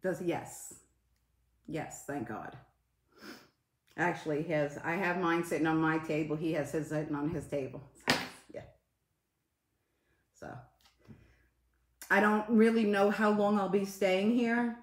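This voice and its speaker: Low-voiced woman chatting on a live stream. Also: a little slow, long pauses, roomy sound. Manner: swears a lot, greets viewers mid-story, swings from loud to quiet. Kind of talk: casual live stream chat.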